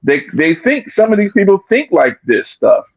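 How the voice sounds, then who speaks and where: Animated man on a dry, dull recording. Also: high-pitched, moderate pace, vocal fry, no room sound. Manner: animated, repeats phrases. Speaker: panelist. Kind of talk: heated panel talk.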